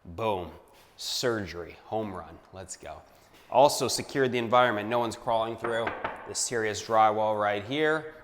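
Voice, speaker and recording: A man's voice: on the low side, a bit bright, big-room sound. A man, a real estate investor, walking through a renovation and talking in punchy, hyped short phrases. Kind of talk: walkthrough vlog. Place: empty house under renovation, indoors.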